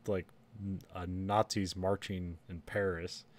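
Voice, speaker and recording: A man's voice: low voice, level tone, takes it slowly. A man co-hosting a casual podcast chat, rambling, trailing off and laughing often. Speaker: podcast co-host.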